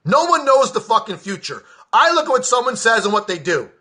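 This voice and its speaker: An agitated American man tears into his subject in a high, bright voice. The tone is sharp and forceful, full of cursing and sarcasm. He is a veteran venting in a personal political rant. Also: sing-song, fairly quick. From United States. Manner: heated, profane, sarcastic.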